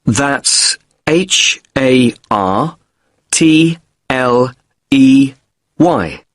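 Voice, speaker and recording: A man playing a polite hotel guest in a scripted exam dialogue, spelling out letters slowly and deliberately. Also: mid-range voice, lively intonation, no room sound. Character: polite British man with broken wrist checking in.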